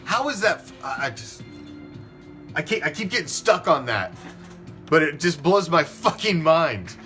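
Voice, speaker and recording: A man's voice: a little high, very animated, a little slow, sharp tone, soft background music. A man hosting a fan sports show, ranting emphatically and swearing a lot. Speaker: fan podcast host. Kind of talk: opinionated sports talk rant.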